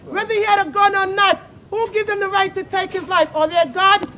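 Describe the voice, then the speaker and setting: A woman's voice: extremely high pitch, level tone, brisk. A woman speaking at an outdoor protest, grieving and pleading, repeating her words over and over. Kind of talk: impassioned street speech. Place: outdoors on a city street. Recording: loud crowd outdoors. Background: crowd.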